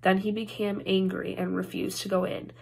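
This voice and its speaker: A woman with an Upper Midwest American accent reads scripture aloud for a worship service. Her voice is gravelly, with a husky edge, and she sometimes trips over a word and starts it again. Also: medium pitch, level tone, normal speed, darkish tone. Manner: careful reading with frequent slips and restarts. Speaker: scripture reader.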